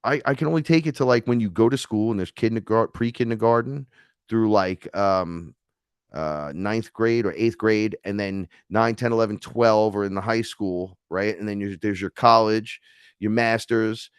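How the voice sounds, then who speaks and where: A man's voice: fairly low pitch, normal speed, clean tone, dry recording, studio quality. A man, a podcast guest telling stories in casual chat and acting out the voices he quotes. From New York City. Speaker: podcast guest, neo-shaman.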